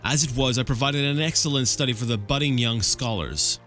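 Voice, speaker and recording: A man's voice: mid-range voice, fairly quick, a bit bright, soft background music. A man hosting a let's play, reading an in-game book aloud in a casual way, tripping over words and adding chatty asides. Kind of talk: casual read-aloud with commentary.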